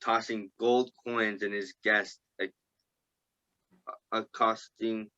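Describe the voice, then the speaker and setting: A man reading a novel aloud to a group, halting and stumbling over words and restarting. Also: on the low side, flat delivery, sharp tone, dull audio. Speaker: group reader.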